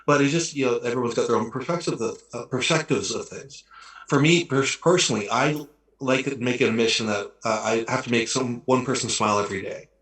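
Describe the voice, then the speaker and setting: A man's voice: medium pitch, a little fast, a bit bright. A man speaks in a mid-range voice, reflective and a little rambling as he restarts his sentences. His voice rings in an echoey room. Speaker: actor guest. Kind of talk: casual chat.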